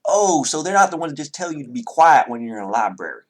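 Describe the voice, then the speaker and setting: A man's voice: on the high side, big pitch swings, fast, pitched above the performer's own voice. A man from the Southern US voicing a polite, fussy Southern town official in a tabletop game, with a put-on Southern drawl. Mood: courteous drawl.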